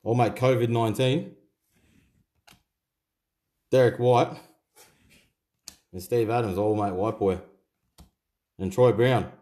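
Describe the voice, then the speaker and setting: A man's voice: medium pitch, fairly even intonation, slow pace, long pauses, warm tone. A young Australian man hosting a card-opening video, swearing constantly and rattling off player names in casual commentary. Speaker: card-opening channel host.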